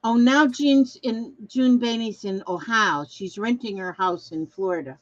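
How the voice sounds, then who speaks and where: An older woman from Minnesota hosts a craft livestream, chatting casually, reading viewer comments aloud, and trailing off mid-sentence. Her voice is a little high and measured in pace. The recording is muffled, with no room sound.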